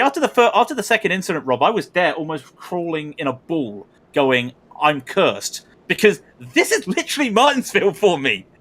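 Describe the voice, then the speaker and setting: A man commentating a sim racing event live, excitable and prone to ranting. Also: high voice.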